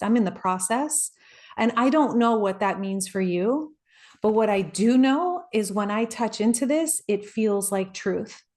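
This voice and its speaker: A woman life coach giving a reflective, earnest motivational talk, personal in tone, with soft laughs along the way. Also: medium pitch.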